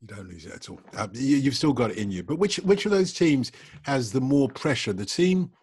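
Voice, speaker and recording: A man's voice: medium pitch, very animated, a little fast, a little mellow, husky, no room sound. A man hosting a casual football discussion, chatty and laughing easily. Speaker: host.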